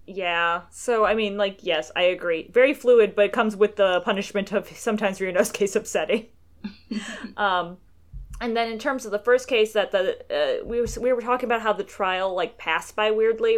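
Here is a woman co-hosting a laid-back podcast, her voice sitting at an ordinary pitch for a woman. She reads a listener's email aloud, loose and chatty, filling the gaps with lots of ums and uhs. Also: fairly even intonation, normal speed. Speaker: podcast co-host. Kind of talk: casual chat.

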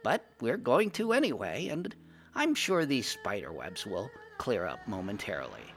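A man voicing a clever, spirited young gnome woman engineer in a storybook reading, brisk and self-assured. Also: on the low side, sing-song, soft background music. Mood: bright.

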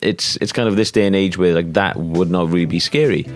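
A man's voice: deep voice, brisk. A man co-hosting a podcast, chatting casually and swearing a lot as he tells stories. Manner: sweary, animated storytelling with put-on voices. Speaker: podcast co-host. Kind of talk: casual chat.

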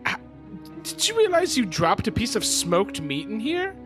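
A man's voice: high voice, wildly swooping pitch, normal speed, over music. A man playing in a tabletop game, talking in a hesitant, stammering, playful way. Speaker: player. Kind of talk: tabletop role-play.

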